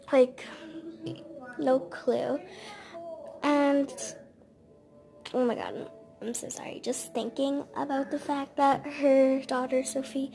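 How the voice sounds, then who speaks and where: Casting: high-pitched, slow-paced woman, casual storytime narrator, animated. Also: rough recording. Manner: chatty, animated retelling with quoted dialogue. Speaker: storyteller recounting babysitting.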